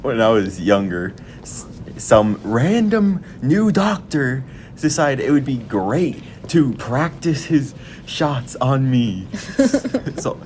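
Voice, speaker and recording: A man's voice: medium pitch, sing-song, slow pace, a little mellow, a little hiss or hum. A man co-hosting a podcast, telling a story in a wry, drawling, casual way. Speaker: podcast co-host.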